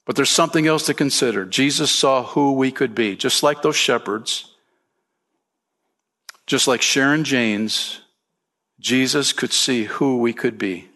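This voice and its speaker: A man's voice: mid-range voice, a little slow, pushed and bright. A man preaching a sermon as pastor, emphatic, lifting his voice for key points and calling listeners "man" and "friend".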